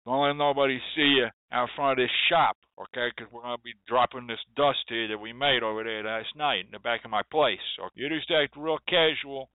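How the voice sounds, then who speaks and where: Brief: man voicing a sly conspiratorial shop man, low and coaxing, tinny dry line. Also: fairly even intonation, moderate pace, hardly any pauses, no room sound, close to an everyday voice. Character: hushed, conspiratorial male shopkeeper peddling hoodoo. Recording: dry tinny phone-like sound.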